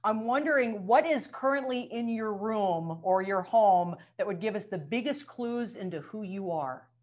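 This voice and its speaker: Woman host gushing over the cast, effusive, asks long questions, mid pitch. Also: lively intonation, moderate pace. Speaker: entertainment interviewer, host. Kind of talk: press junket interview.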